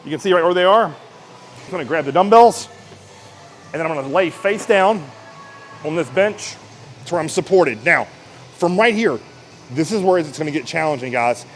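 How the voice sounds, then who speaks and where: Energetic man coaching a workout. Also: on the high side, normal speed, long pauses, faint music behind, low-quality recording. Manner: energetic, talks while lifting and straining. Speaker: fitness coach. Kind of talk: casual exercise demonstration.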